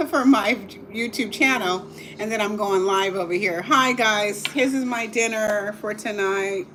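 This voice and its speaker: Slow-talking woman eating on a livestream. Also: medium pitch, a bit bright, slight background noise. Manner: chatty, laughs often, murmurs while tasting food. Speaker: livestream cooking host. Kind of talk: casual livestream chat while eating. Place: home dining table.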